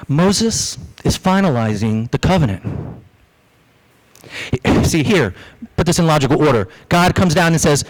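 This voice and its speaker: A man preaching a sermon as pastor, lively, acting out the voices he quotes. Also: high voice, moderate pace, poor audio. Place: church.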